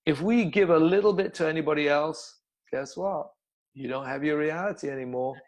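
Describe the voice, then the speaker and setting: A man's voice: on the high side, fairly quick, low-quality recording. An older man, a yoga teacher, telling stories bluntly in a casual interview, swearing and repeating words.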